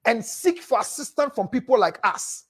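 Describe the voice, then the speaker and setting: A husky male counselor who lectures his viewers in an emphatic, preachy tone. His pitch swings widely as he leans on repeated lines for stress. He calls his listeners "my dear" as he answers their messages one by one. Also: big pitch swings, moderate pace, a bit bright. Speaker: relationship counselor. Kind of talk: live show reading viewer messages.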